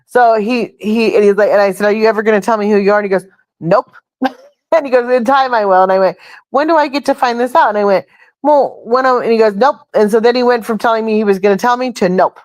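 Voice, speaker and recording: A woman's voice: mid-range voice, fast talker, a little mellow, dry recording. A woman hosting a casual chat, telling a long rambling story and swearing freely. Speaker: host.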